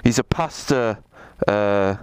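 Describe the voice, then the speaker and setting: Riding a motorbike on a city ring road, a man talks slowly in a clear, resonant voice with no echo, wind and traffic audible behind his helmet mic. His casual vlog commentary is chatty, comic and full of swearing, with big swings in pitch.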